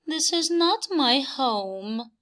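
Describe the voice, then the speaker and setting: A tiny lost bug girl searching for a home, voiced by a woman reading a storybook aloud. Her voice sits high and bright, lifting well above the narration, and she asks her questions in an earnest, plaintive way. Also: lively intonation, drawn-out words, exaggerated voice. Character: small lost female bug seeking a home.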